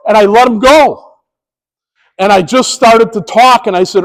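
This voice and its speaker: A man training sports officials, telling a story in an animated way and acting out the scenes. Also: high-pitched, moderate pace, poor audio. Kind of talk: storytelling presentation.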